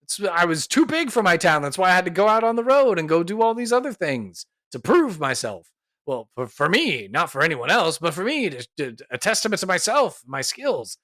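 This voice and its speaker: A man's voice: high voice, very animated, normal speed, hardly any pauses, sharp tone, dry recording, voice pushed up, exaggerated voice. A man voicing a boastful rich fighter in a tabletop game, pompous and blustering. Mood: offended boastful.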